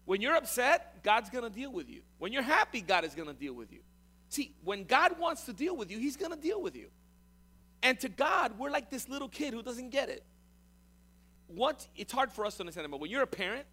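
A man preaching a sermon as pastor, animated and conversational, often repeating words and speaking directly to the congregation. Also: very high voice.

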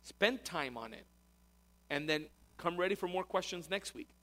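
A man preaching in a conversational way, with a fairly high voice that rises and falls a lot as he explains. He repeats words now and then while teaching his congregation. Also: lively intonation, moderate pace, fairly bright tone. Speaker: pastor. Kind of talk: sermon teaching. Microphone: recorded talk to a congregation.

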